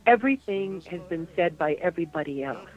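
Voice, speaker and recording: A woman's voice: fairly low pitch, expressive, brisk, soft background music. An older woman, a guest on a radio interview, remembering aloud in a reflective way, repeating phrases and trailing off. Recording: dry tinny phone line.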